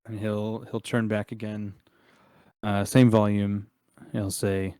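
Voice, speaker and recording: A young adult man narrating as game master of a tabletop game, relaxed and chuckling, with frequent filler words. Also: on the low side, slow pace, clear, resonant tone, dry recording.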